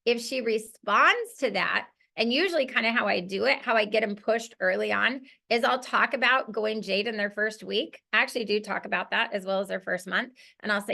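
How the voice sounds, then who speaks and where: A middle-aged woman teaches her team how to run welcome calls and acts out the script in an upbeat, coaching tone. Her voice is bright and forceful, with a gravelly fry at the ends of phrases. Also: mid-range voice, lively intonation, fairly quick. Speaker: network marketing team leader. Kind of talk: training call.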